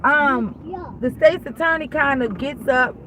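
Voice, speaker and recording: Angry woman ranting in a car, high voice. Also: measured pace, bright, forceful tone, rough recording. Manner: heated, profane, repeats herself. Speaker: vlogger. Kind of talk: storytime rant. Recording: car noise behind voice.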